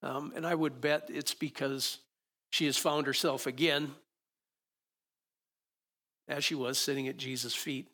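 A man's voice: mid-range voice, flat delivery, measured pace, long pauses, sharp tone. A man preaching a sermon in a conversational, musing way, often restarting his sentences.

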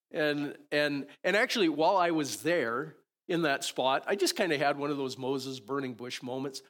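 Conversational man preaching a sermon. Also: medium pitch. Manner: conversational, often asks "right?", shifts between loud and soft. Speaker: pastor.

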